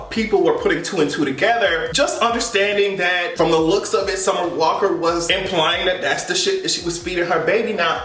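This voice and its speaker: Sassy high-voiced man ranting. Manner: animated, sassy, swears freely, laughs often. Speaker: vlogger. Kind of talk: casual pop culture commentary. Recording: echoey room, mic at a distance.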